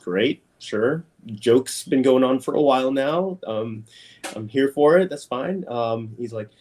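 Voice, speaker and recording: A man chats in a casual interview as a guest artist. He tells his story with animation, jumping up in pitch when he quotes other people. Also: animated, a little slow, a little mellow.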